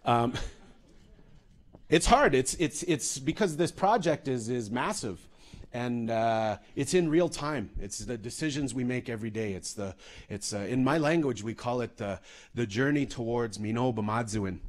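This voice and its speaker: A man's voice: mid-range voice, normal speed. Canadian guy doing comedic storytelling, swearing a lot, voice bouncing all over. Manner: loose, profane, animated storytelling. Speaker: comedian and speaker.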